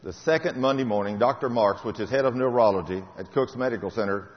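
An older man preaches his testimony with fervent conviction, hammering home key phrases again and again. His mid-pitched voice rings through a long hall echo, and the recording sounds muffled. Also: fast talker. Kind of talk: testimony sermon.

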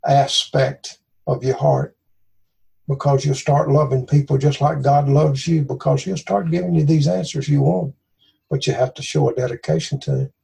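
Gravelly Southern man, folksy devotional talk. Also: fairly high pitch, mellow. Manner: folksy, conversational, earnest.

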